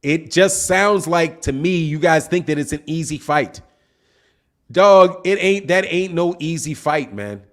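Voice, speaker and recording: A boxing channel host runs a casual livestream, reading chat messages and chatting in laid-back slang, often saying "man" and "dog." His voice is on the high side, with lively intonation and a measured pace.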